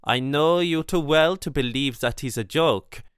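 A man's voice: a little high, measured pace, fairly bright tone, smooth, no room sound, clean studio sound, voice pushed up. A man voicing a stern alien prison leader who talks impassively and stresses his syllables oddly, as an audiobook character. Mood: stern, probing.

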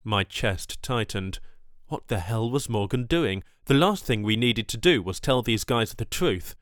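A man reading a first-person story in measured audiobook narration, close to the mic. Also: lowish voice, animated, a bit bright, no room sound.

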